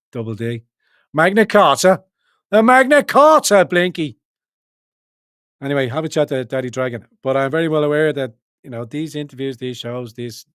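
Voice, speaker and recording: A man's voice: medium pitch, clear, resonant tone, no room sound, studio quality. A man hosting a livestream, delivering rambling political commentary in an emphatic, profane way with many restarts. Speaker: livestream host.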